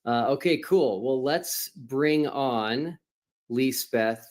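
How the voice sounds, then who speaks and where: Relaxed man hosting a show. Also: mid-range voice, slow pace. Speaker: show host. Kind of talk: casual hosting.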